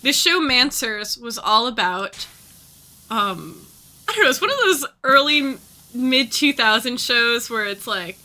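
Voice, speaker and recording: A woman's voice: a little high, expressive, normal speed, pushed and bright. A young woman streaming a game, chatting casually and rambling with lots of fillers. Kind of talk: casual gaming stream chat.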